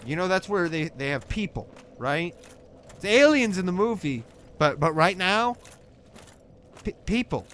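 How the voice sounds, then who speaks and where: A man's voice: sits high, very animated, measured pace, a bit bright, slight background noise. A man co-hosting a let's play, arguing in a pedantic, sarcastic way during casual gaming commentary.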